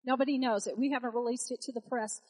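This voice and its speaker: A woman doing a hushed, persuasive zookeeper. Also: on the high side, fairly even intonation, fast talker, close to an everyday voice, low-quality recording. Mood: confiding. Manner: hushed, conspiratorial. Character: zookeeper man, confiding and persuasive.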